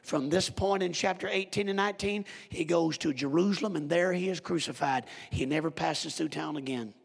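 A man preaches in a high, gravelly voice, telling the story vividly and calling out to his listeners. His husky voice rings through a church with a long reverb. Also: brisk. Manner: animated storytelling, direct address. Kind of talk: sermon.

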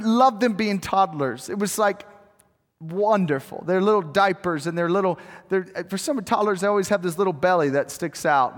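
A man in his thirties preaches from the pulpit with a high, light voice that carries a long reverb through the sanctuary. He moves between easy, self-mocking storytelling and fervent, swelling appeals. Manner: conversational and self-deprecating, building to fervent appeals. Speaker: pastor. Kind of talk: sermon. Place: church sanctuary. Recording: long reverb of a large hall.

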